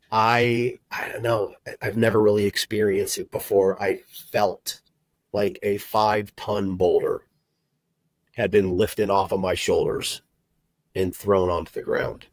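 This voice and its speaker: A middle-aged man telling his personal story as a podcast guest, heartfelt and halting, with many fillers and restarts. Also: on the low side, steady tone, dry recording, rough recording. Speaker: guest, recruiter and agency owner.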